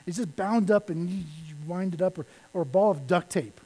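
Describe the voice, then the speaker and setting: A male pastor preaching a sermon, animated, with lines that fall to a hush. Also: sits high, brisk, poor audio. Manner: animated preaching that drops to soft, hushed lines.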